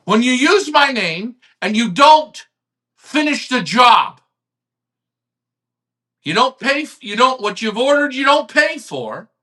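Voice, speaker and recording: Man ranting loudly on a live stream. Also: very high-pitched, takes it slowly, long pauses. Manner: ranting, swearing, animated, swings loud to quiet. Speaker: host of a live online pigeon club show. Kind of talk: heated live-stream rant.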